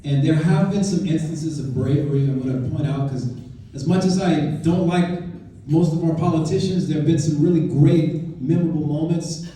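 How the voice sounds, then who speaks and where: A man's voice: a little high, normal speed, dark tone, distant mic. A man giving an informal speech to a political club, conversational and emphatic, often restarting his sentences. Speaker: guest speaker at a political club. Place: meeting room at a club event. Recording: very echoey room, voice from afar.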